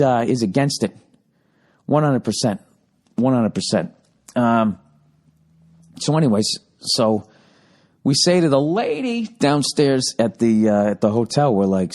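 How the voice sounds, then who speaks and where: A man's voice: medium pitch, normal speed, a little mellow. A man hosting a podcast, telling a comedic story in a profane, ranting way. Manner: profane, ranting, heavy swearing. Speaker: podcast host.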